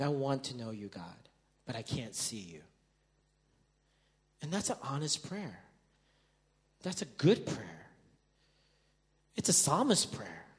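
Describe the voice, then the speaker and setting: A man preaching a sermon as a pastor, telling a story with humor and moving between loud jokes and quiet, earnest moments. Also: medium pitch.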